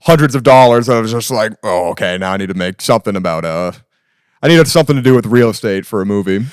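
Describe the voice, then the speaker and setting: A man's voice: on the low side, expressive, clear, resonant tone, no echo, clean studio sound. A man, a filmmaker guest talking casually and offhand on a podcast. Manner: quick, offhand talker. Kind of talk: casual chat.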